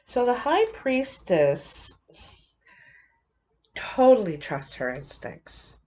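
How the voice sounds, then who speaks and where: A woman giving a casual tarot reading, thinking aloud in a halting, musing way with many fillers. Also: a little high, sing-song, darkish tone. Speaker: tarot reader.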